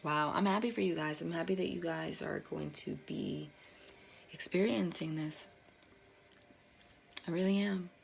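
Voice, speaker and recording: A woman giving a casual tarot reading to camera, excitable and swearing, breaking into exclamations. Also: fairly low pitch, measured pace, creaky, pauses often, slight background noise. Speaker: tarot reader.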